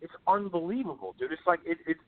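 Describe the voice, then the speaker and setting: A man with a slightly high voice talks loosely over a thin, phone-like line. He circles back and restarts his sentences, packing them with fillers as he chats. He sounds like a regular sports-talk guest. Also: expressive, fast talker, a little hiss or hum. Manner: rambling, many fillers and restarts. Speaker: radio show guest. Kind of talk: casual sports chat.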